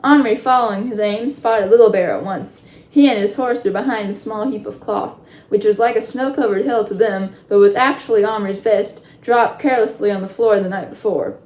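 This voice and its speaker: A woman reading a children's chapter book aloud in a lively way, adding chatty asides. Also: mid-range voice, normal speed. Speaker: storyteller. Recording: roomy echo.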